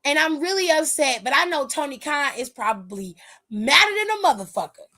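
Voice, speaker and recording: A woman's voice: sits high, animated, brisk, bright, forceful tone. A woman hosting a wrestling aftershow, giving casual, emphatic, profane live-stream commentary and reading viewer comments aloud.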